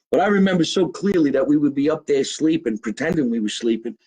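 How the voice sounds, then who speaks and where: A man's voice: on the high side, darkish tone, husky, rough recording. A middle-aged man with a New Jersey accent, a comedian hosting a loose, profane live stream from his home basement and joking with viewers. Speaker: comedian host. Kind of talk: casual live-stream chat.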